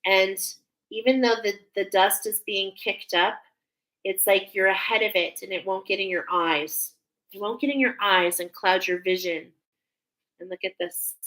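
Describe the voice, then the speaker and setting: A woman reads cards live for her viewers and describes the images she sees in vivid, heartfelt terms. Her voice is bright and forward, and her delivery is emotional and effusive. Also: medium pitch, fairly even intonation, normal speed, low-quality recording. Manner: emotional, gushing, speaks in images. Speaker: intuitive card reader. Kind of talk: live spiritual card reading. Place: live stream at home.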